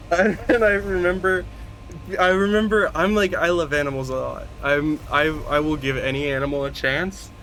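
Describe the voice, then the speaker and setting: Man, game streamer, casual rambling commentary, giggly, swears a lot, slightly high voice. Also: steady tone, a little slow, a bit bright, slight background noise. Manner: rambling, giggly, profane storytelling.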